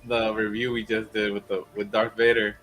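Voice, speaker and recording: A man's voice: on the low side, level tone, normal speed, fairly bright tone, soft background music, poor audio. Laid-back man with dry quips. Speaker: podcast co-host. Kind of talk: casual movie-review banter.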